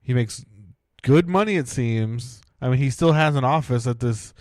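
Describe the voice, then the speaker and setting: Man, podcast co-host, rambling storyteller, mid pitch, dry sound. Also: moderate pace, darkish tone, no room sound. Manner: rambling, many "like" and "right?" fillers. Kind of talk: casual storytelling.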